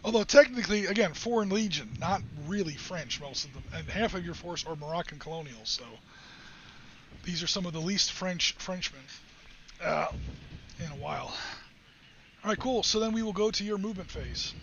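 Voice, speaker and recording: A man's voice: sits high, animated, normal speed, a bit bright. A man hosting a live wargame stream, chatting, joking and explaining rules in a casual way. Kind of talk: casual chat while explaining game rules. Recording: slightly dull stream audio with faint hiss.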